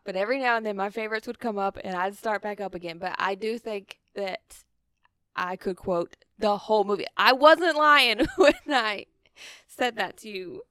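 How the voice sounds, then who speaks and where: A woman's voice: medium pitch, normal speed, fairly bright tone, smooth, dry recording, clean studio sound. A woman co-hosting a casual podcast chat, telling stories and laughing often. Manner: giggly, storytelling, quotes lines. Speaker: podcast co-host. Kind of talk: casual chat reviewing a movie.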